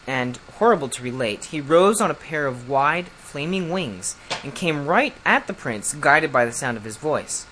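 An audiobook reader narrating a fairy tale in a lively, expressive way. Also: medium pitch, moderate pace, hardly any pauses, slight background noise, rough recording. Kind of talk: storybook narration.

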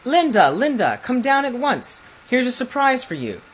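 A nervous, proper old-world ambassador from a storybook, all courtly phrasing, as a reader puts him on. His pitch leaps high and sharp when alarmed. Faint noise sits underneath. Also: very animated, moderate pace, low-quality recording. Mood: excited. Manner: formal, flustered, rising to shrill alarm. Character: excitable ambassador lord, fussy and anxious.

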